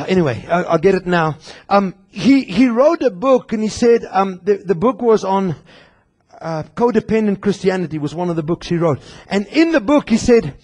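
A male pastor preaching an impassioned sermon to his congregation, at times raising his voice to a shout and talking straight to them. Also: high-pitched, lively intonation, moderate pace. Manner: talks directly to the congregation. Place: church.

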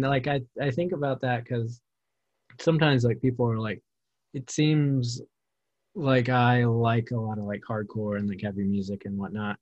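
A man's voice: fairly low pitch, a little mellow, no echo. A man hosting a podcast in casual conversation, talking in a loose, rambling way full of filler words. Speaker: podcast host. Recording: dull lo-fi sound.

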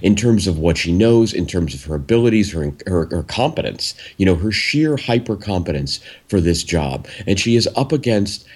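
A man's voice: low voice, expressive, normal speed, hardly any pauses, darkish tone, breathy edge. A man co-hosting a casual political talk show, blunt and profane, talking emphatically. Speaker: co-host.

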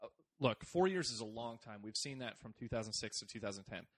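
A man co-hosting a casual soccer podcast, talking in animated, jokey rants with some swearing. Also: medium pitch, quick pace, slightly rough. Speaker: podcast co-host.

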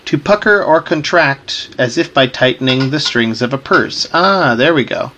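Deadpan young man, podcast co-host. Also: mid-range voice, normal speed, slight background noise. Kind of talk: casual chat.

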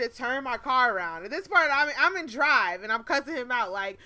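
A woman in her late twenties co-hosting a podcast, telling stories in a profane, animated way and laughing often. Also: on the high side, fairly quick, hardly any pauses. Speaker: podcast co-host. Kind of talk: casual chat, storytelling.

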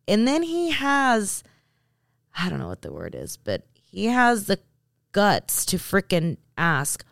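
A woman telling a personal story in a casual, animated way, talking straight to her viewers and her husband. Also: sits low, measured pace, creaky, no echo, clean studio sound. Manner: animated, talks straight to the audience.

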